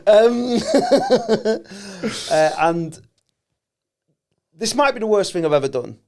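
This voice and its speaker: A man's voice: on the high side, big pitch swings, normal speed, clean tone. A man with a Chester English accent, a comedian co-hosting a podcast, telling jokey stories in casual banter and laughing often. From England.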